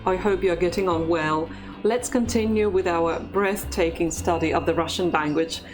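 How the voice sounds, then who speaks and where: A woman teaching a language lesson, speaking slowly and carefully in an encouraging instructional tone. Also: on the low side, music in the background.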